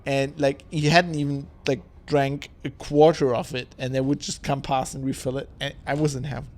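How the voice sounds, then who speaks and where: A man's voice: medium pitch, level tone, normal speed, a little mellow. A man chatting casually on a live stream, tipsy and rambling, laughing often and swearing. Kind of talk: casual chat.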